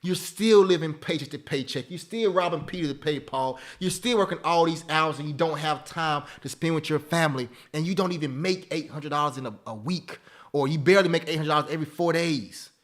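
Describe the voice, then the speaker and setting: A man in his thirties hosting a live webinar, talking in an animated, preachy way that repeats phrases and keeps asking "right?" and "okay?". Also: a little high, brisk. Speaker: webinar host teaching stock options. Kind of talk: live webinar talk, motivational.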